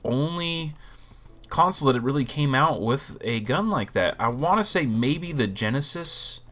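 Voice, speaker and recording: A man hosting a gaming channel, talking through gameplay in a relaxed, rambling way, with a low morning voice. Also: moderate pace. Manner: relaxed, rambling, thinks aloud. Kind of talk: casual gameplay commentary.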